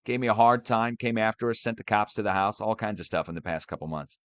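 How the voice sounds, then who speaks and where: A man's voice: on the low side, quick pace, a bit bright, no echo. A middle-aged man ranting in a rambling, sarcastic monologue, mocking and swearing as he hosts his own channel. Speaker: online channel host.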